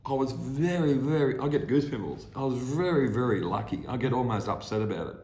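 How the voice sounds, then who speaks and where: An Australian man in his sixties tells anecdotes as a podcast guest, rambling and restarting as he goes. His voice sits at an ordinary middle pitch. The recording has a roomy echo around it. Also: expressive, fairly quick, a little mellow. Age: 60s. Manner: rambling, many restarts, acts out quoted people. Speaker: guest consultant. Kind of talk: anecdotal storytelling.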